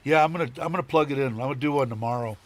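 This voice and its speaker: A man's voice: medium pitch, racing. A man hosting a live stream, chatting casually and rambling, swearing now and then and chuckling often. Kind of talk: casual chat.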